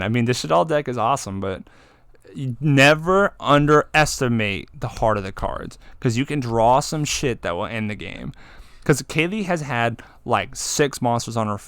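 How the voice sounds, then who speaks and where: A man co-hosting a podcast, talking excitedly about card games, swearing and acting out game moments. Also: mid-range voice, moderate pace, smooth, dry recording. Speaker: podcast co-host. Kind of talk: casual chat.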